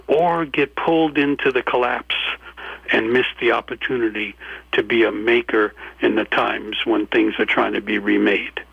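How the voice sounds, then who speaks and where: A man from New York, speaking as a guest in a reflective, measured way. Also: medium pitch, steady tone, gravelly, slightly rough, dry recording, dull audio. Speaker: guest author. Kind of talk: reflective interview talk.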